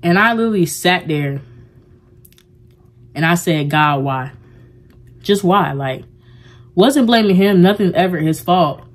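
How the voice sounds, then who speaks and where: A young woman speaks to her camera in a loose, confessional vlog. Her voice sits low for a woman. She rambles warmly, circling back with filler words as she opens up. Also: a little slow, pauses often. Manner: rambling and heartfelt, heavy use of "like". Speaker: vlogger. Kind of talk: casual confessional vlog talk.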